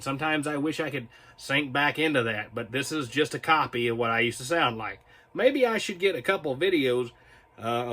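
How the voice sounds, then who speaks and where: Bright, high-ish chatty male vlogger. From North Carolina, US. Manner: rambling, chatty, self-mocking, laughs at own jokes. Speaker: video host. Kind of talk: casual chat to camera, reading viewer comments.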